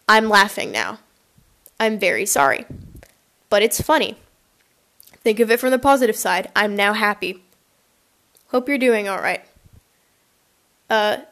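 A young woman hosting a casual podcast, laughing and apologizing as she reads confessions and a story into a low-quality mic. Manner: giggly, apologetic, animated. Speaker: podcast host. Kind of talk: casual chat and story reading.

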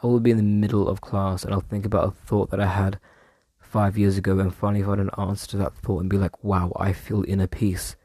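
A man's voice: on the low side, flat delivery, fast talker, dark tone, no room sound, studio quality. A young man, rambling casually through a podcast monologue at home. He trails off and jokes at his own expense in slang. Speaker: podcast host. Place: room at home.

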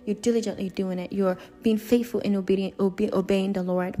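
A woman's voice: mid-range voice, steady tone, brisk, dark tone. A woman preaching a sermon in an earnest, emphatic way, repeating and restarting her phrases.

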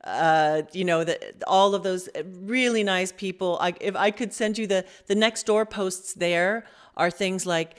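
A middle-aged woman, a guest in a casual interview, talking in a warm and enthusiastic way. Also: mid-range voice, a little slow, hardly any pauses, smooth.

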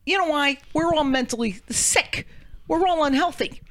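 A woman co-hosting a casual podcast, telling stories in an animated, profane way that jumps into high excited tones. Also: normal speed. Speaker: podcast co-host.

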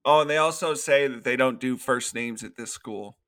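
A man's voice: mid-range voice, normal speed, pushed and bright. A man co-hosting a podcast, casually retelling movie scenes and laughing often. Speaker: podcast co-host. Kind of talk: casual movie review chat.

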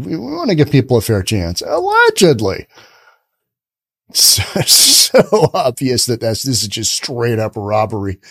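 A man's voice: mid-range voice, dry recording, studio quality. A man hosting a podcast, commenting sarcastically on news stories he reads aloud, often repeating himself. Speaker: podcast host.

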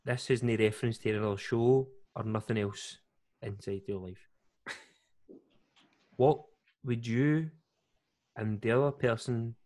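A Scottish man co-hosting a podcast, teasing the others in animated casual banter. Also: mid-range voice, measured pace, long pauses. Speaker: podcast co-host. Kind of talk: casual chat.

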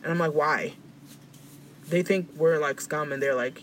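A man's voice: a little high, fairly even intonation, a little slow, fairly bright tone, a little hiss or hum. A man in casual chat, ranting animatedly and mocking the voices of people he quotes.

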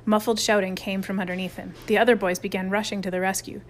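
Woman, audiobook narrator, lively expressive reading, medium pitch. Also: fast talker, slight background noise. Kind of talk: storybook narration.

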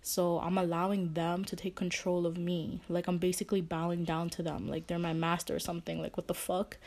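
A woman's voice: lowish voice, flat delivery, a little fast, hardly any pauses, darkish tone. A young woman giving casual relationship advice, blunt, swearing often, and padding her talk with fillers.

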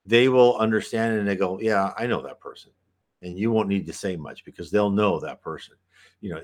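Low-voiced man giving rambling advice. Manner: relaxed, rambling, frequent restarts and throat clearing. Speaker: channel host answering viewer questions. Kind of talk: casual spoken advice talk.

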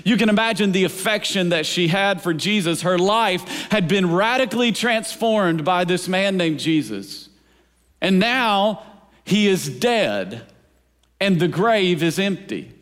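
A man's voice: sits high, normal speed, hardly any pauses, fairly bright tone. A man pastor preaching a sermon in a church, with a rhythmic delivery that keeps asking the congregation whether they are following. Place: church sanctuary. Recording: long reverb of a large hall.

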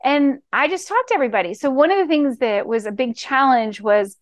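A middle-aged woman from Key West, a real estate executive telling stories in a bubbly, animated way as a podcast guest. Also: high voice, a little fast. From Key West, Florida. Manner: bubbly, animated, acts out quoted voices. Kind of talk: casual storytelling interview.

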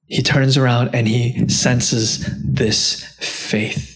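A pastor preaches very slowly in a level tone, with faint music in the background. He is earnest and direct, rising to impassioned moments and going soft and low to quote.

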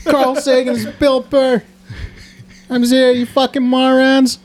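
A man voicing a fed-up male scientist who yells insults at the fools around him. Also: extremely high pitch, little pitch movement, slow pace, voice pushed up. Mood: scolding. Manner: yelling, insulting, exasperated. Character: exasperated male scientist scolding idiots.

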